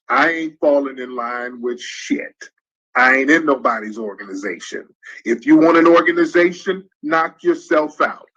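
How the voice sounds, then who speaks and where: A man hosting a livestream, ranting in heated, profane, animated commentary. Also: a little high, husky, lo-fi sound. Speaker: livestream host.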